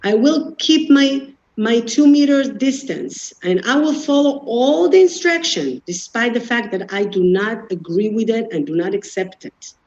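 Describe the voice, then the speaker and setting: A woman's voice: on the high side, animated, unhurried, hardly any pauses, darkish tone. A woman giving an earnest explanatory talk, walking through everyday examples without judging anyone. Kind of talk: explanatory talk on defense mechanisms. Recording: dull lo-fi recording.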